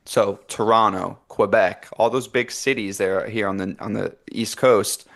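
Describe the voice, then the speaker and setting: Man, podcast co-host, casual, hesitant, filler-heavy, lowish voice. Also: fairly even intonation, unhurried, creaky, fairly bright tone. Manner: loose and hesitant, lots of fillers, matter-of-fact.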